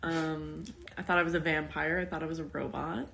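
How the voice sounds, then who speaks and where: A woman's voice: low voice, little pitch movement, fairly quick, gravelly, a bit bright, a little hiss or hum. A woman hosting a casual podcast chat from home, giggly, self-deprecating and rambling. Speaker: podcast host. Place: home with cats nearby.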